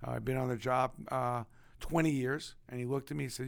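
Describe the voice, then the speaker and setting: A man with a Brooklyn accent, a podcast guest telling stories from his life in an animated, emphatic way. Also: mid-range voice, fairly quick, vocal fry, no room sound. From Brooklyn, New York. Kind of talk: casual storytelling.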